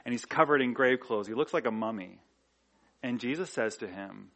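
A man's voice: medium pitch, moderate pace, gravelly, fairly bright tone. A man preaching a sermon in a church, talking in a conversational way with rhetorical questions and frequent filler words. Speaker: pastor.

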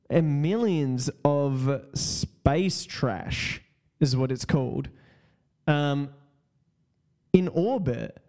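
Man, podcast host, slow talker, dark tone, rambling, profane. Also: a little high. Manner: rambling, profane, repeats words. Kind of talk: casual solo podcast rant.

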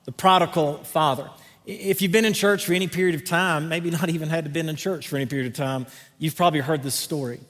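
A man's voice: fairly high pitch, steady tone, fast. Middle-aged Southern man from North Carolina, guest preacher, folksy and enthusiastic, on a church stage with a long echo. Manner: folksy and enthusiastic, joking with the congregation. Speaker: guest pastor. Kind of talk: sermon. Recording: long reverb in a large hall with a congregation.

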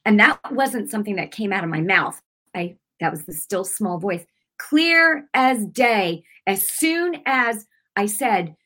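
Woman telling her testimony, chatty, lots of "like", hushed then loud, really emphatic. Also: mid-range voice, lively intonation, measured pace. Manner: casual with many fillers like "like". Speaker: speaker giving a testimony. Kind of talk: personal testimony to a congregation.

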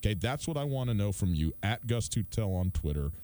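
A man in his thirties hosting a radio talk show, chatting casually and getting animated as he asks listeners to weigh in. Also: fairly low pitch, brisk. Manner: lively, animated storytelling with rising emphasis. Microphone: studio microphone.

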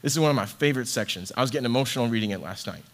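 A young man gives an earnest sermon in a relaxed, conversational way. His voice sits at an ordinary middle pitch, and he drops in easy fillers as he works through his thoughts. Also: racing. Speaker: ministry associate director preaching.

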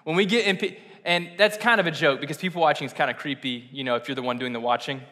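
A slightly high, pushed and bright voice moves at a quick pace as a young pastor preaches informally. Chatty and self-deprecating, he often laughs at himself, and the church sanctuary's long reverb surrounds his words.

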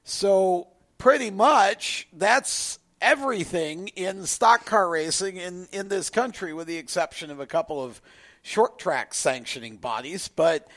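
A man co-hosting a sports radio show in a studio, giving slow, emphatic opinions. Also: sits high, fairly bright tone. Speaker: radio co-host.

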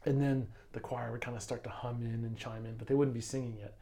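A man with a warm, mellow voice co-hosts a casual Bible lesson talk. He tells his stories with enthusiasm, stumbling and restarting as he goes. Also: medium pitch, level tone, quick pace, gravelly. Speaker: co-host of a Bible lesson commentary. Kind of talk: casual religious discussion.

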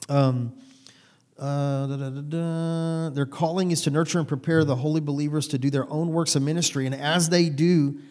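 A man's voice: on the high side, steady tone, moderate pace, darkish tone. A male pastor giving a sermon in a conversational, rambling way, with restarts and asides.

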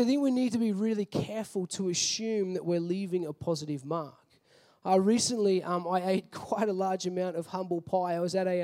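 A man's voice: high-pitched, darkish tone. A young adult man with an Australian accent, preaching a sermon in a casual storytelling way with many fillers. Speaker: pastor. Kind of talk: sermon with personal stories.

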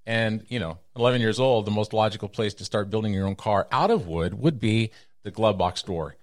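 Low-voiced man telling lively stories. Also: fairly quick, no room sound, studio quality. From Texas. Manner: animated, acts out quoted voices with big pitch jumps. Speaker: guest storyteller. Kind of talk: casual storytelling interview.

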